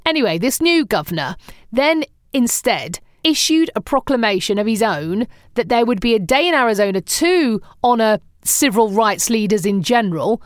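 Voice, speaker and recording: A woman chats through the week's news with wry asides. Her voice sits a little high. It is recorded close and dry, with no room sound. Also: no room sound. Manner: conversational, wry. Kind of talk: chatty news roundup.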